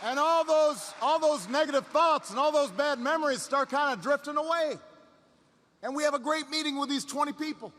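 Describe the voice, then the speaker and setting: A middle-aged man giving a storytelling speech as a political speaker. He starts over and repeats himself, then builds up to shouted rallying lines. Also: very high voice, fairly quick, long reverb tail, a faint crowd.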